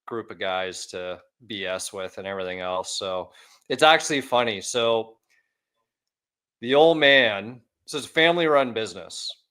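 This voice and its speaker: A man's voice: fairly low pitch, lively intonation, unhurried, bright, forceful tone, smooth. A man co-hosting a car podcast, chatting casually in a rambling, laid-back way with swearing. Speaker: podcast co-host, shop owner. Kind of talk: casual chat.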